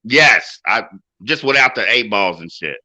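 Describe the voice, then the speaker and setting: This co-host of a laid-back wrestling podcast has a fairly low voice and an unhurried delivery. He spins energetic, animated stories and curses often.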